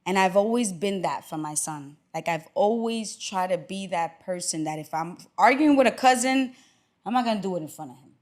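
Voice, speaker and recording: A woman's voice: mid-range voice, expressive, a little mellow. A woman talking as a podcast guest in casual chat, earnest and emphatic. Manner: earnest and emphatic, quick reactions.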